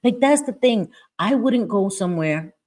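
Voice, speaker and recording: Speaking at a moderate clip in a medium-pitched, darkish, animated voice, this livestream host chats casually into her computer mic. She talks bluntly, curses without hesitation, says things more than once, and laughs often.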